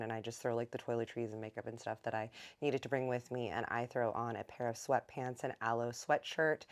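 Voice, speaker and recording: A young woman casually telling a long personal story to her viewers in a bubbly, chatty way. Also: very deep voice. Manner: bubbly, chatty, addresses viewers as y'all and kittens. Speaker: storytime vlogger.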